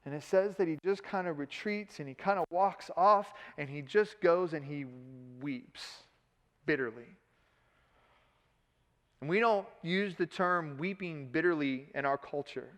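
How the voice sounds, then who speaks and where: High-voiced pastor preaching in a hall. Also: male voice, normal speed, hardly any pauses. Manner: animated, acts out Peter's lines in a casual modern voice; repeats words when excited. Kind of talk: sermon. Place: church sanctuary.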